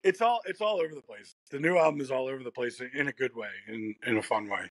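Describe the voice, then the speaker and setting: Rambly american guy in an interview, husky voice, laughs a lot, dead dry sound. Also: medium pitch, fast, no room sound. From United States. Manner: laid-back, rambling, laughs often. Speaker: guest musician. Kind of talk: casual interview chat.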